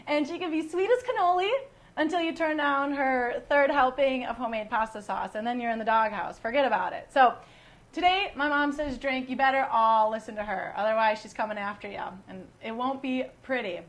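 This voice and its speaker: High-voiced joking American wine teacher woman. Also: fairly quick. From United States. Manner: chatty, joking, teasing. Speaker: wine educator and host. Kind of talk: casual online wine class.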